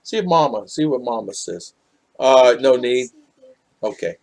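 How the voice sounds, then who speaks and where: A man's voice: medium pitch, expressive, a little slow, pauses often. A man from the United States telling a story in a casual vlog, acting out both sides of the dialogue and replying to live chat. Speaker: vlogger reading live chat.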